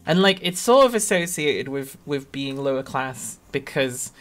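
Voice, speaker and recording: A game streamer with a Northern English accent from around Sheffield, chatting casually and rambling, often laughing mid-sentence and softening their own accent. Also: medium pitch, expressive, measured pace, soft background music. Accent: Northern English, Sheffield area. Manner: trims own accent toward neutral. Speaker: game streamer reading chat. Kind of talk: casual live-stream chat.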